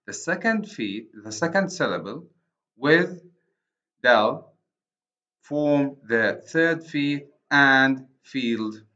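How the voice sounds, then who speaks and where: A man with an Arabic accent giving a recorded university lecture on poetry, speaking haltingly and correcting himself often. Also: medium pitch, pushed and bright. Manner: slow, halting, many restarts and self-corrections. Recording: dull lo-fi recording.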